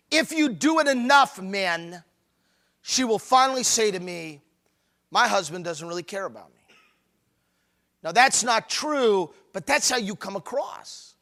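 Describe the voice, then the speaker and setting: A middle-aged man speaking at a marriage seminar, telling humorous stories with animated, playful self-mockery. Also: very high voice. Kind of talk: humorous seminar talk to couples.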